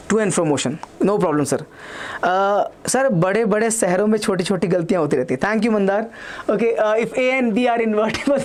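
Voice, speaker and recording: A young man with an Indian English accent teaches a live online maths revision class. He talks fast in a high voice, repeating himself and reading students' chat comments aloud.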